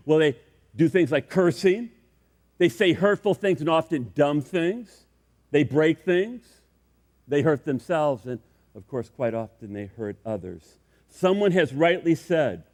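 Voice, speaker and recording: A pastor preaching to his congregation in a relaxed, storytelling style, with a voice on the higher side for a man. The sound carries a long church-hall reverb. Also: moderate pace. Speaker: senior pastor. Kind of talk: sermon. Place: church sanctuary.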